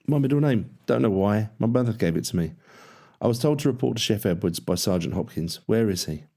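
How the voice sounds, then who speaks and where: A low-voiced man reads the part of a proud young army cadet who keeps his temper under control. He speaks politely and evenly, with tension held underneath, in an audiobook. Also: expressive, brisk, vocal fry, mellow. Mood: restrained.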